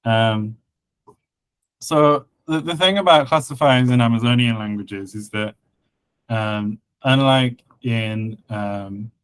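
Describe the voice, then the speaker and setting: A man chatting casually on a podcast, explaining a constructed language, with many fillers and a patient, halting delivery. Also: mid-range voice, a bit bright, clear, resonant tone, no room sound, rough recording. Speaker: conlang creator guest and co-host. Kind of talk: casual podcast chat about linguistics.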